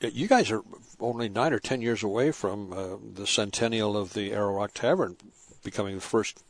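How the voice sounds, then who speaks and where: A man hosting a radio interview, asking quick, curious questions. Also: fairly low pitch, dry recording.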